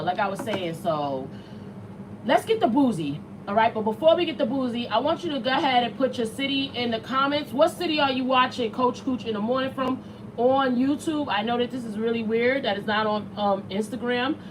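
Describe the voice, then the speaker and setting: A woman's voice: fairly high pitch, normal speed, noisy background. A woman in her late thirties hosting a casual livestream, chatting bluntly and reading out viewer comments. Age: late 30s. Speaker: show host.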